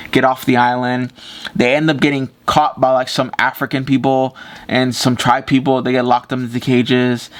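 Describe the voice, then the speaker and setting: A man reviews a movie casually to camera. He rambles, circles back and repeats himself, and drops the odd curse word. His voice sits at an ordinary middle pitch for a man. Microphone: camera with ring light.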